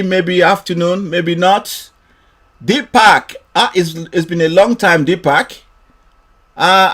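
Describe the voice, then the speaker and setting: A man hosting a live trading lesson, cheerfully greeting viewers by name and laughing often. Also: sits high.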